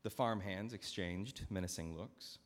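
A male pastor telling a story in a sermon with dramatic, expressive narration, recorded in a church. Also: low voice, unhurried. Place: church sanctuary. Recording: long church hall reverb.

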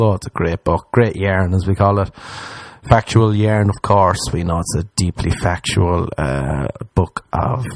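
A man's voice: moderate pace, vocal fry, no echo. Crude Irish man ranting solo on podcast. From Ireland. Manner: crude, self-mocking rambling with sudden high-pitched jumps. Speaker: podcast host. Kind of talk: solo comedic podcast monologue. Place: small room, alone.

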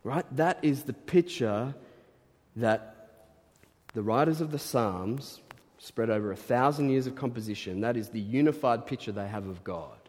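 A man's voice: mid-range voice, lively intonation, moderate pace, a little mellow, slightly rough. A man preaching a sermon in a chatty, playfully self-deprecating way. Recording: long reverb in large hall.

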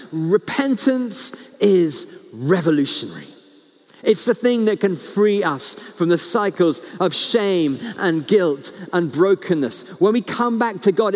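High-voiced male pastor preaching in a hall. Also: darkish tone. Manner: earnest storytelling, slows down for emphasis, frequent restarts. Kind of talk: sermon. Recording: long hall reverb.

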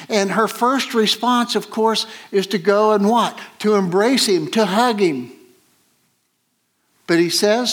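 A man preaching a sermon, retelling a scripture story slowly with many pauses and fillers. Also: high voice, a bit bright.

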